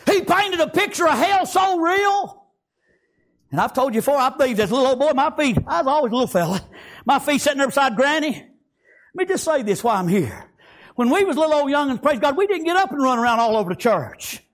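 Older man, pastor, very high-pitched voice, folksy country dialect, fiery sermon. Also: very animated, a little fast, a bit bright. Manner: fiery preaching with praise interjections.

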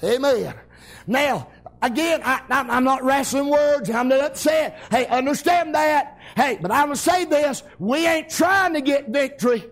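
A man preaching a revival sermon, hollering amens and shouting with exuberant celebration. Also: extremely high pitch, measured pace.

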